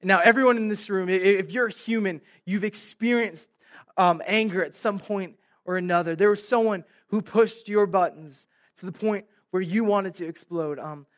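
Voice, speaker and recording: A man's voice: high-pitched, moderate pace, a bit bright. A young adult man preaching a sermon to a room, telling a story and acting out the dialogue. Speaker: pastor. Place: room with live audience.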